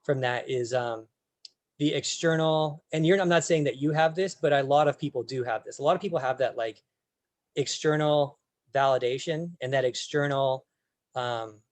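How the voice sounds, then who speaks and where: A man's voice: mid-range voice, normal speed, no room sound. A man hosting a podcast as a coach, talking in an easygoing, supportive way with frequent restarts. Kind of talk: casual chat.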